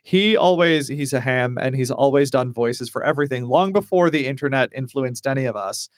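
A man's voice: medium pitch, a little fast, dry recording, studio quality. A man telling stories enthusiastically in a casual podcast chat. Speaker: podcast panelist.

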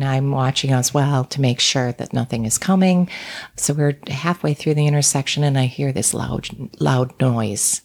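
A middle-aged woman, an interview guest, recounting a personal tragedy in a halting, soft voice that often drops to a whisper. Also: extremely low pitch. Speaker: guest, author and shaman.

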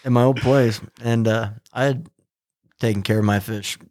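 A podcast co-host chats casually in a laid-back, casually profane way. His medium-pitched, slightly mellow voice has fairly even intonation and a moderate pace, recorded with studio quality and no room sound.

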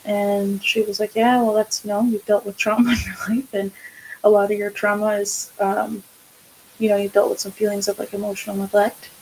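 A woman's voice: medium pitch, little pitch movement, normal speed, a little mellow, a little hiss or hum, low-quality recording. A woman co-hosting a casual podcast chat, speaking candidly and swearing freely as she tells stories and acts out quotes. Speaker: podcast co-host.

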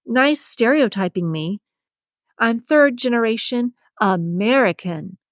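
A woman's voice: fairly high pitch, expressive, slow pace, no echo, studio quality, voice pushed up. A woman reading a wry, sensible young waitress.

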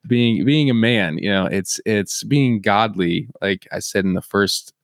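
A man's voice: on the low side, a little slow, no room sound, studio quality. A man co-hosting a podcast, thinking aloud in a reflective, searching way. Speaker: podcast co-host. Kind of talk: casual podcast chat.

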